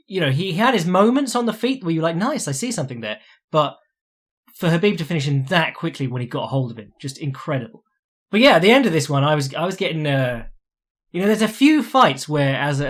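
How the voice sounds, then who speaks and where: A man talking casually as a podcast host, animated and sweary, mocking other people's voices when he quotes them. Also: mid-range voice. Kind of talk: casual chat.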